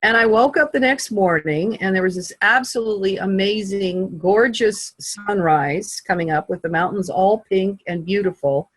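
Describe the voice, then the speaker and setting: A woman telling a heartfelt personal story in a halting way with long pauses, tearful, over a video call. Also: mid-range voice, dry recording, low-quality recording.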